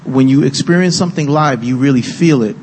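Speaking on a film panel before a live audience in an event hall, a man grows emotional as he talks with passion and earnestness. His mid-range voice is brisk with a darkish tone, and the recording carries long hall reverb and faint noise.

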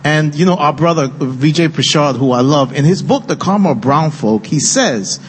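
A man's voice: on the high side, expressive, a little fast, hardly any pauses. A man speaking passionately and earnestly on a film panel, getting emotional as he talks. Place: event hall with live audience. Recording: long-reverb hall with faint noise.

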